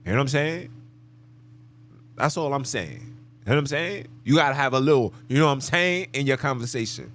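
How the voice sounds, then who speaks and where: A man's voice: medium pitch, sing-song, moderate pace, long pauses, fairly bright tone. A man hosting a live podcast monologue, talking emphatically and preachily and repeating his phrases. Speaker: podcast host.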